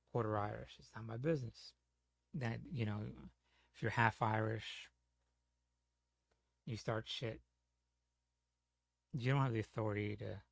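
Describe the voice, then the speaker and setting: A man's voice: on the low side, vocal fry, no room sound. A man chatting casually on a gaming stream, telling rambling, profane stories full of "you know". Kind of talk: casual storytelling chat.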